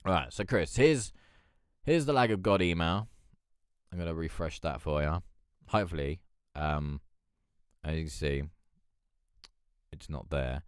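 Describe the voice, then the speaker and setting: A man's voice: extremely low pitch, clear, resonant tone, no room sound, studio quality. A young man hosting a casual live stream, telling a rambling story full of swearing and fillers. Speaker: livestream host.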